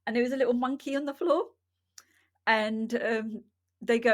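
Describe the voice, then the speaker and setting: A woman's voice: fairly high pitch, fairly even intonation, normal speed. Laughing woman telling stories. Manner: storytelling, laughs often. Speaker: podcast co-host. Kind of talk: casual chat.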